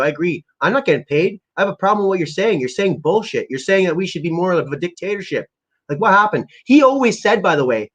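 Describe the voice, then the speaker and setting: A man's voice: high voice, very animated, quick pace, a bit bright. A man from Canada ranting casually and profanely to his live chat as a stream host, rambling and heated. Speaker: livestream host.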